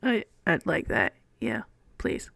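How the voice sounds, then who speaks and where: A woman voicing a shy, nervous young male toon who stammers softly. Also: fairly low pitch, big pitch swings, slow, vocal fry, no room sound, studio quality, pitched below the performer's own voice, exaggerated voice. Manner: hesitant, stammering, soft.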